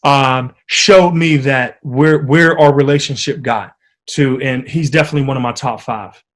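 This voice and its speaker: A man from the United States, a podcast guest telling stories in a lively, animated way during a casual interview. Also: mid-range voice, normal speed. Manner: animated, vivid storyteller.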